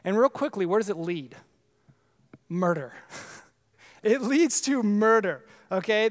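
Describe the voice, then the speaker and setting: A man with a fairly high voice delivers a sermon, hammering key phrases with repetition. He drops into easy, conversational asides between his emphatic points. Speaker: pastor.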